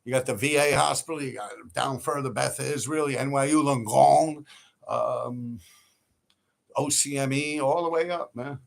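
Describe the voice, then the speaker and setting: A man's voice: mid-range voice, measured pace, vocal fry. A man who tells stories in a rambling, profane way on a livestream he hosts, laughing often. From New York City. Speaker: livestream host. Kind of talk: casual storytelling.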